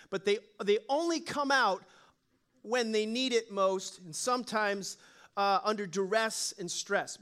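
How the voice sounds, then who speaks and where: A male pastor delivers a sermon in a notably high voice. He is animated and playful, weaving jokes and little stories into his preaching. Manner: animated, joking storyteller.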